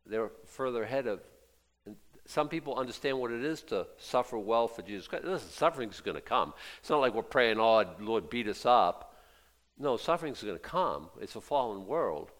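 A middle-aged male pastor preaching a sermon, animated and emphatic, dropping to hushed asides and rising to loud bursts. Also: medium pitch, normal speed.

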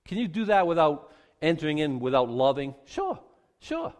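A middle-aged man preaching with a lively, swooping voice that sits a little high for a man. He jokes and acts out little voices, then leads a prayer. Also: a little fast. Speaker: pastor. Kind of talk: sermon.

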